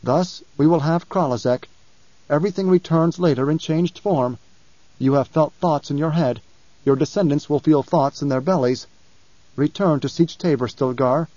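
A man voicing a calm imperious young god-emperor. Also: a little high, dry recording, lo-fi sound, natural voice. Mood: cryptic. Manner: measured, commanding.

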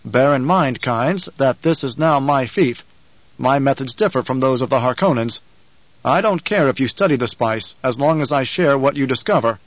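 A man's voice: mid-range voice, moderate pace, dry recording, highs cut off, lightly acted. A man voicing a confident nobleman in an audiobook, firm and probing in how he talks. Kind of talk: audiobook character reading.

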